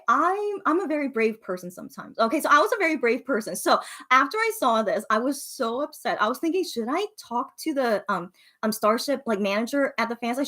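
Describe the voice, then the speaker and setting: A young woman chatting casually and telling a story in an animated way, full of fillers like "you know" and "okay". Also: on the high side. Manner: animated, filler-heavy, frequent 'you know' and 'okay'.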